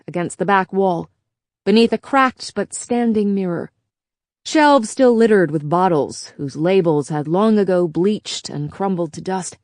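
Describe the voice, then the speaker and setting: A woman reading a novel aloud as a measured first-person audiobook narrator. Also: mid-range voice, darkish tone, no room sound, studio quality. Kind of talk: scripted narration.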